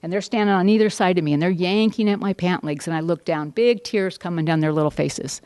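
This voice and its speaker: An older woman from the United States giving a blunt, animated personal testimony to a group. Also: lowish voice, a little fast, clean tone, no echo. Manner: blunt, salty, animated storytelling. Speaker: speaker sharing her story.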